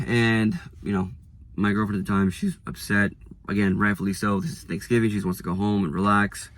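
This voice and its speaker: Deep-voiced man telling a candid story. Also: a little hiss or hum. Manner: candid, self-deprecating storytelling. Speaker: real estate agent. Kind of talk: storytelling vlog.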